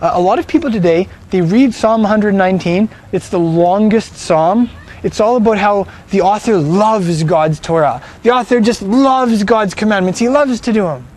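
A man's voice: high-pitched, animated, normal speed, a little mellow. A man preaching a sermon, emphatic and fond of rhetorical questions.

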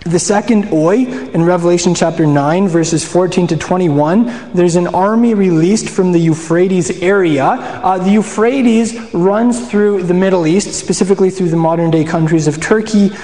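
A man's voice: high-pitched, normal speed, hardly any pauses, warm tone. A man from the prairies preaching a sermon as a pastor, talking conversationally, asking questions and answering them himself, often restarting his sentences. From Saskatchewan, Canada. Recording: echoey hall.

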